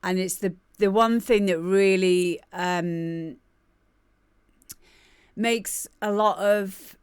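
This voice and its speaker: A woman's voice: mid-range voice, fairly even intonation, drawn-out words, clear, resonant tone, no room sound, clean studio sound. A woman in her thirties hosting a live stream, chatting casually and greeting viewers by name with laughs and rambling asides. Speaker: livestream host.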